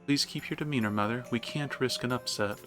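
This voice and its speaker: A man's voice: mid-range voice, brisk, fairly bright tone, soft background music, lightly acted. A man voicing an anxious, pleading young prince while reading game dialogue aloud. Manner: pleading and flustered. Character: anxious young royal son, devoted to his mother.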